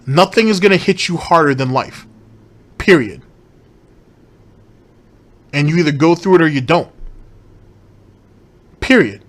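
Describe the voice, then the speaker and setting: Brief: male commentator, slightly higher voice, blunt and cursing, repeats for emphasis. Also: animated, unhurried, long pauses. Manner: blunt, profane, emphatic repetition. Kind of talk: reaction commentary.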